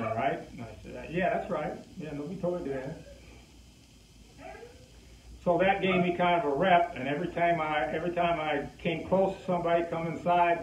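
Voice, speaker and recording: An older man, a former pitcher, telling a lively anecdote and acting out the lines of the people in it. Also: slight background noise. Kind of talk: anecdotal storytelling. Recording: distant echoey muffled recording.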